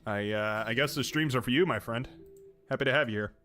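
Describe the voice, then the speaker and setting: A man's voice: mid-range voice, fairly quick, bright, forceful tone, faint music behind. A man streaming a strategy game, chatting casually and rambling into joking asides while he plays. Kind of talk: casual gameplay commentary.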